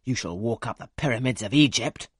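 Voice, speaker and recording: A man with a husky voice reading the part of a brusque, teasing wealthy gentleman in an audiobook, gruff and commanding. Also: mid-range voice, normal speed, no echo, studio quality.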